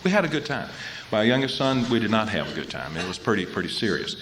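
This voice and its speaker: A man's voice: fairly low pitch, big pitch swings, fast, noisy background. Man telling his recovery story. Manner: storytelling, repeating phrases for weight. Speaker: recovery meeting speaker. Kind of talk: personal recovery talk. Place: convention hall.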